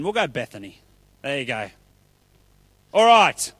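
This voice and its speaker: A man's voice: mid-range voice, very animated, unhurried, fairly bright tone, dry recording. A man giving a playful, chatty talk to children at church. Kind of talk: children's talk with audience play.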